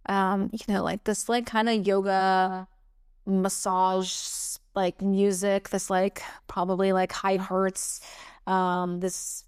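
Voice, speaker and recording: A young woman hosts a casual podcast chat. She tells a long story in a loose, rambling style that is heavy on fillers, and she acts out the quotes. Her voice is very smooth and clear, at a middle pitch. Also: level tone, slow. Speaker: podcast host.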